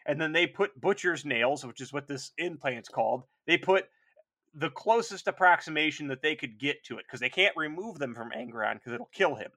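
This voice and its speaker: A man's voice: fairly high pitch, animated, moderate pace, sharp tone. A man co-hosting a podcast in casual chat, rambling, profane and enthusiastic. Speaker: podcast co-host.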